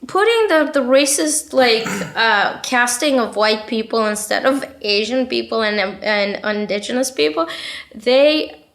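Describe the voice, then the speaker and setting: Gravelly, blunt woman in casual chat. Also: on the high side, lively intonation, a bit bright. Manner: blunt, profane, opinionated; talks fast with many fillers and restarts. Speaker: guest author.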